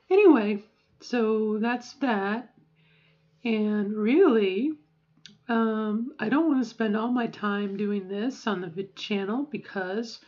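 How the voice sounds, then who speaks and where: A woman's voice: a little high, muffled recording. A middle-aged woman talking casually in a voice-training vlog, rambling and often checking in with "okay?". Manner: rambling, keeps adding "okay?". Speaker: vlogger.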